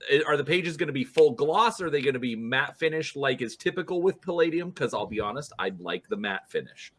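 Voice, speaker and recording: A man's voice: medium pitch, animated, a little fast, fairly bright tone, slight background noise. A man on a livestream panel chatting casually and calling the audience folks.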